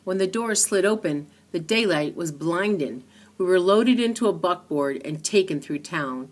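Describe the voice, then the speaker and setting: A woman with a slightly low voice reads a children's picture book aloud at normal speed, earnest and expressive. She tells the story steadily, letting every line carry its meaning.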